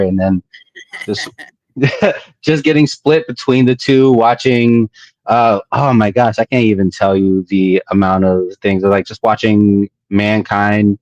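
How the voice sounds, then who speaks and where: A man guesting on an interview show, chatting casually and telling animated stories with drawn-out emphasis. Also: dry recording. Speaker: guest wrestler. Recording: dull low-fi audio.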